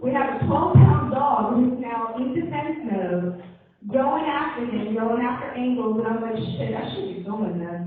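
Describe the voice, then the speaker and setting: A woman's voice: on the high side, lively intonation, moderate pace, distant mic, noisy background. Woman doing stand-up, echoey and tinny. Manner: chatty storytelling, acts out the people in her story. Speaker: stand-up comedian. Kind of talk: live stand-up set. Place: live comedy venue.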